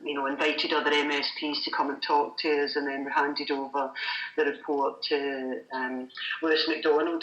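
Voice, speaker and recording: A woman's voice: sits low, bright, forceful tone. A woman, a guest, talking in a chatty, casual way with many fillers. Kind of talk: casual talk. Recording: echoey room.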